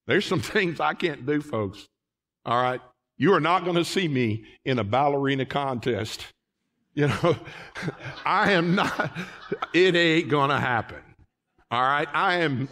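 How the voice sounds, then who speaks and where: A man's voice: mid-range voice, fairly bright tone. Preacher man, folksy, gets fired up, regular mid voice. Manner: preaching with rising fervor, folksy asides. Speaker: pastor. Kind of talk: sermon. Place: church sanctuary.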